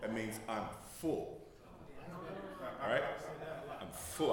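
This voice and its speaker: A pastor with a lowish voice preaches slowly, with long pauses, in a very echoey church. He jokes, laughs and asks the congregation to fill in missing words, and crowd noise from their responses fills the background.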